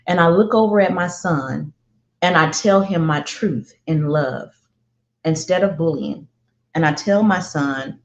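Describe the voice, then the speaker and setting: A middle-aged woman telling a personal parenting story, emphatic and deliberate, often repeating herself for weight. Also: sits low, creaky. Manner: emphatic, slow and deliberate with heartfelt repetition. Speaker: parenting speaker. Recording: roomy, dull lo-fi sound.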